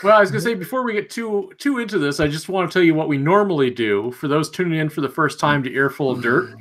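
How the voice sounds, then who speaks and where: A man's voice: on the high side, expressive, fast talker, a bit bright. A man from the Midwest hosting a rugby podcast in a folksy, easygoing way. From Midwest United States. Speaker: podcast host.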